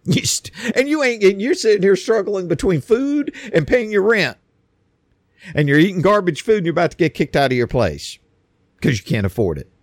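A man holds forth in an emphatic monologue, his somewhat high voice swinging up and down as he stacks points and repeats words. The sound is dry and close. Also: big pitch swings, normal speed, dry recording. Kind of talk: opinion monologue.

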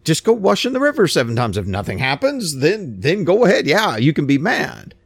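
A man preaching a sermon, retelling a scripture story in plain everyday words with animated storytelling. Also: on the high side, moderate pace, gravelly, breathy edge, no room sound, studio quality.

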